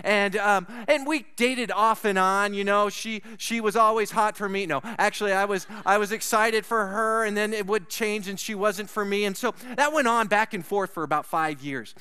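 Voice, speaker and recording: A man preaching a sermon, telling a personal story with asides to the congregation and swinging from loud to hushed. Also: high voice, normal speed, few pauses, clear, resonant tone, no echo. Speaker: pastor.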